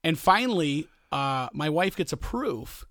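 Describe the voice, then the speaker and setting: A man's voice: unhurried, no room sound, clean studio sound. A man co-hosting a podcast, telling a long anecdote in casual chat and acting out the quoted lines. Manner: animated, acts out quotes with rising pitch. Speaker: podcast co-host.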